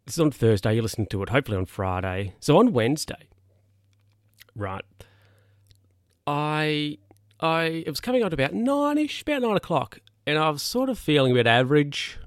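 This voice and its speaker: A man's voice: fairly high pitch, big pitch swings, normal speed, no echo. Man, podcast host; chatty, rambling solo monologue, dry close recording. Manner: rambling, self-correcting, chatty.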